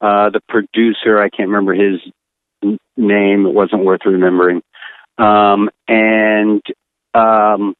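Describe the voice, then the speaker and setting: An older man recounts a work story bluntly and with animation, slipping into the voices of people he quotes. His voice sits a little low and sounds dry and tinny, as if heard over a phone line. The delivery is loose and conversational. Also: little pitch movement, slow, clear, resonant tone, dry recording. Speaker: animator guest. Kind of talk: candid anecdotal storytelling.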